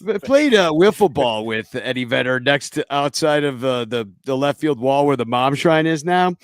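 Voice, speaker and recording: A man's voice: medium pitch, expressive, normal speed, no room sound, studio quality. A man hosting a live fan podcast, rambling casually with lots of fillers and laughs. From Chicago. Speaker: podcast host. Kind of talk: casual live-stream chat.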